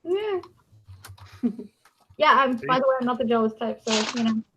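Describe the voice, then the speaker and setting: A woman's voice: fairly high pitch, lively intonation, normal speed, a bit bright, a little hiss or hum, low-quality recording. A woman in her thirties from Canada, hosting a casual live-stream chat over a voice call and laughing easily. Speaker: podcast host.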